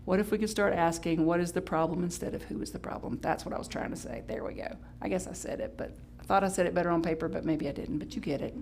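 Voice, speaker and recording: A woman pastor preaching a Sunday sermon in a chatty, playful way, breaking into sudden high exclamations and correcting herself as she goes. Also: fairly even intonation, fast, gravelly, few pauses, darkish tone, a little hiss or hum. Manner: chatty, with restarts and self-correction. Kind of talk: live-streamed Sunday sermon.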